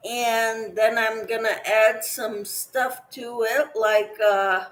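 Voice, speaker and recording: A woman hosts a relaxed livestream from her home kitchen, greeting viewers by name as she cooks. She talks slowly in a slightly high voice. The room gives her voice a noticeable echo. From Kansas. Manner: chatty, greets viewers by name while cooking. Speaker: crochet channel host. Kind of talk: casual livestream chat with viewers.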